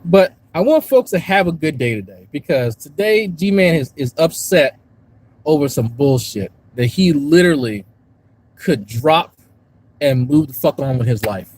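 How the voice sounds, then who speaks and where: A YouTube commentary streamer speaks at a measured pace in a fairly high, animated voice with a darkish tone, rambling and swearing to his chat. The casual stream moves from a park to a parked car, and the recording quality is low.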